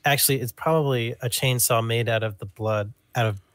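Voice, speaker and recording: A man's voice: mid-range voice, a little fast, fairly bright tone, dry recording. Hesitant man with a dry voice. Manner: hesitant, puzzled questions, lots of fillers. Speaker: podcast co-host. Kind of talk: casual chat.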